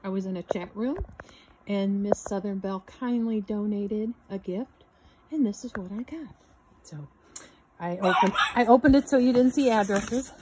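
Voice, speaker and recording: A woman's voice: medium pitch, normal speed, noisy background. A woman hosting her own channel, gushing and exclaiming as she unboxes a gift box. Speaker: channel host. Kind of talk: unboxing vlog.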